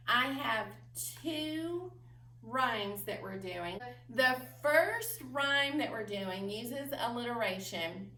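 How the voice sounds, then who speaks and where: A woman librarian reading a picture book and leading rhymes for young children in a slow, sing-song, expressive way. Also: mid-range voice. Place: library room. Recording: echoey room, mic at a distance, faint hum.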